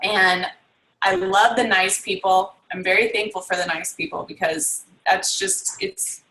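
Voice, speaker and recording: A woman's voice: medium pitch, steady tone, unhurried, sharp tone, slight background noise. A woman hosting a casual team video call, rambling and reading out comments, with lots of ums and likes. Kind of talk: casual chat. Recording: echoey room on a video call.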